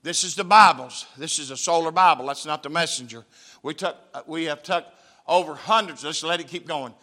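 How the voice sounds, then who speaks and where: Folksy preacher man, bright-voiced. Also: fairly high pitch, a little fast. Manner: folksy storytelling, preacherly emphasis. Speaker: missionary preacher. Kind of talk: testimony sermon with slideshow. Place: church sanctuary.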